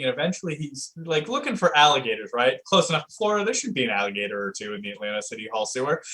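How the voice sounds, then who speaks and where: A man's voice: a little high, fairly bright tone, poor audio. A young man streaming improv comedy, playfully retelling an absurd story.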